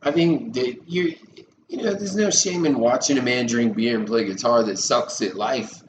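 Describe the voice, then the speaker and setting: Recorded in an echoey space full of loud background noise, this thirty-something man rambles on a live stream. His voice sits in the mid range and moves at a moderate pace while he swears and stays sarcastic and loose.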